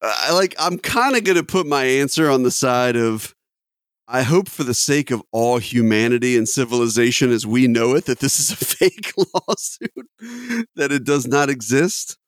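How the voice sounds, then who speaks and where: A man competing on a podcast game show, joking and thinking his answers through out loud. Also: medium pitch, animated, normal speed, dry recording, studio quality. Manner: jokey, thinks aloud, acts out scenes. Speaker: contestant. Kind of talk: casual podcast banter.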